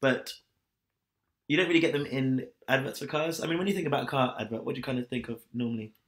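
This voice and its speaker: A man's voice: mid-range voice, fairly even intonation, fast, a bit bright. Young male co-host, loose rambling chat delivery, filler-heavy. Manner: chatty, rambling retelling with many fillers. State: sore back, hungover. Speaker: podcast co-host. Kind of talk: casual chat.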